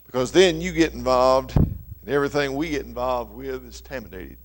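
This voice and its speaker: Preacher in an echoing hall. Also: male voice, mid-range voice, normal speed. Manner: earnest preaching that swells loud and drops soft. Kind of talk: sermon.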